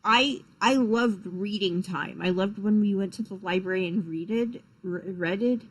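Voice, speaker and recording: A young man rambles through stories on a live stream, swearing freely and tripping over his own restarts. He sounds sleepy and unhurried, with a casual, offhand delivery. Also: sits high, poor audio. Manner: rambling, profane, frequent fillers and restarts. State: tired, yawning.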